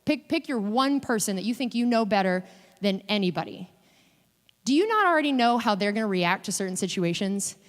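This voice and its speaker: A woman giving a guest sermon in a chatty, animated way, acting out quoted voices as she talks. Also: mid-range voice, fairly quick. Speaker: guest preacher. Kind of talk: conversational sermon. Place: church sanctuary. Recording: long hall reverb in a church.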